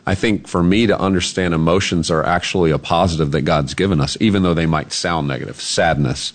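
Guy guest with a really deep voice, earnest and reflective, talking it through. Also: steady tone, a little fast. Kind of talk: casual chat.

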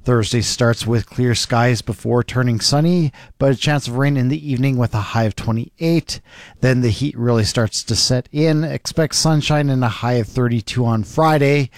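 A man reading a weather forecast and market numbers on the radio, brisk and matter-of-fact. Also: medium pitch, dry recording.

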